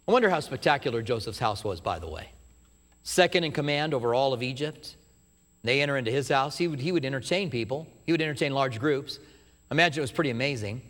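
A man preaching a sermon, retelling a story with animated asides and acting out what people say. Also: on the high side, long reverb tail. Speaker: pastor.

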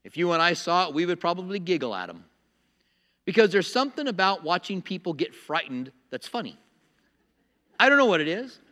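A man preaching a sermon as pastor, animated, acting out little voices and laughing at his own jokes. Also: high-pitched, fairly quick, long reverb tail.

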